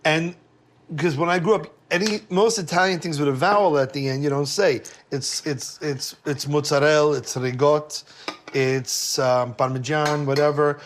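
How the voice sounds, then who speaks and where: A man talks in a somewhat raised register. He tells stories with lots of animation and frequent laughter. He is a guest in a relaxed podcast chat set in a kitchen. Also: on the high side, normal speed, slight background noise. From Brooklyn, New York. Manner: animated storyteller, laughs often.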